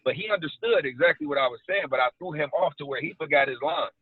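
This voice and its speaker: This guest actor hails from the South Side of Chicago and keeps the interview loose, telling animated stories in street slang. His voice is a little high and quick with a breathy edge; the thin, phone-like recording has no echo and is dry.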